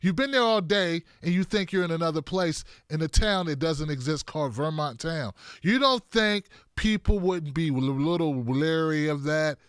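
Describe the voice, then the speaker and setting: A man's voice: a little high, normal speed, hardly any pauses, clean tone, no echo, studio quality. A male host of a political commentary stream, combative, sarcastic and profane.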